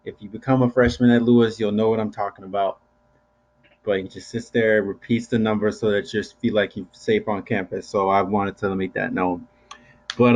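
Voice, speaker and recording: Casting: relaxed young man with a low voice, casual co-host, muffled lo-fi video call sound. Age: young adult. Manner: laid-back, casual slang. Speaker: student co-host. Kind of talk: casual chat.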